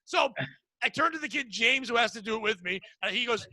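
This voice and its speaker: A man in his forties with a high, sharp, bright voice rattles through comic stories in casual chat, mocking himself and swearing freely. The sound is close and dry, with no room around it. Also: fairly quick, no room sound. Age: 40s. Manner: animated, self-deprecating, swears freely. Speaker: podcast host. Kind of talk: casual comedic storytelling.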